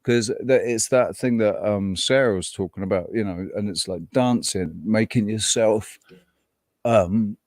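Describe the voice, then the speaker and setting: A man hosting a casual chat, relaxed and quick to laugh. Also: fairly low pitch, no echo, studio quality. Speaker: host.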